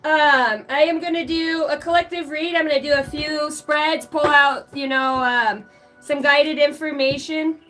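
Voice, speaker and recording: A woman's voice: high-pitched, fairly even intonation, unhurried, sharp tone, soft background music. A woman with an American country accent hosting a casual psychic live stream, chatty and profane, greeting viewers in the chat by name.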